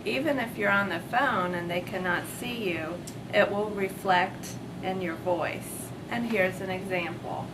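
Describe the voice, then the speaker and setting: Female instructor, clear explaining tone, noticeable background noise. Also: mid-range voice, unhurried, distant mic. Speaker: class demonstrator.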